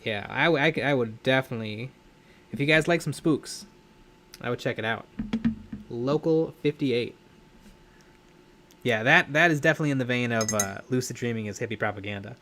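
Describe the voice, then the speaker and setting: A man's voice: mid-range voice, normal speed, pauses often, sharp tone, slight background noise. Rambling, chatty young man. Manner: rambling, self-correcting, laughs often. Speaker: livestream host. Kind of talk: casual live-stream chat while painting.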